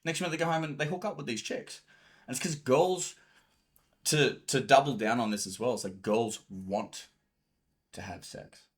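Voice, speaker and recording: A man's voice: medium pitch, a little slow, long pauses. Blunt, swearing male dating coach. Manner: blunt, swears freely, explains with acted-out examples. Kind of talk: casual coaching talk.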